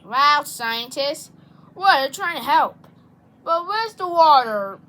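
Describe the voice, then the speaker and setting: Woman running a homemade toy skit, high voiced, bright, unhurried, rambling delivery. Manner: excitable, rambling, with many restarts. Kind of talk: plush toy skit, one person doing all voices.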